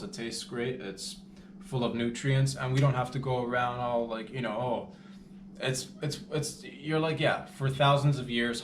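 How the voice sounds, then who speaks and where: A man's voice: mid-range voice, natural voice. A man playing a laid-back modern vampire in a rambling, slangy comedy monologue, recorded in an echoey room with faint background hum. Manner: slangy, rambling, calls everyone baby.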